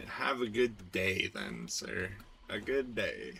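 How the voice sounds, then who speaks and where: A man's voice: fairly low pitch, very animated, slow pace, creaky, pushed and bright, a little hiss or hum. A man chatting casually with his stream viewers, rambling and laid-back, with lots of filler words and swearing. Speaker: game streamer.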